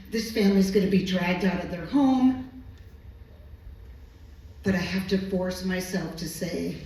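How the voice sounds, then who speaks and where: Woman storyteller, medical interpreter, earnest and emotional, unhurried, distant mic in a reverberant hall. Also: medium pitch, darkish tone. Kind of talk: live personal storytelling. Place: stage at a live storytelling evening.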